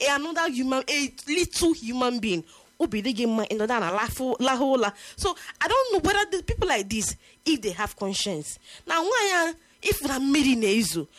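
A Nigerian woman co-hosting a casual chat, talking in an animated, indignant way. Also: sits high. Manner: animated, indignant, mixing languages.

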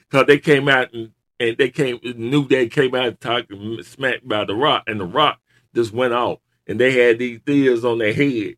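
A man chatting casually in loose grammar, rambling and laughing often as he tells animated stories. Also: mid-range voice, normal speed. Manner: animated storyteller. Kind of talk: casual chat watching wrestling.

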